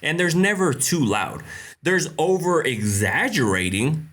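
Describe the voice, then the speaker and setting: A man's voice: a little high, sing-song, unhurried, a bit bright. A young man hosting a casual live question-and-answer stream, blunt and joking, laughing often. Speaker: host.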